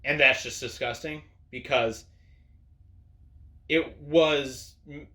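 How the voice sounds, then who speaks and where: A man's voice: mid-range voice, fairly even intonation, slow pace, pushed and bright. A man hosting an opinion video, ranting sarcastically and swearing freely at the camera. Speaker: video host. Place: indoors at a camera.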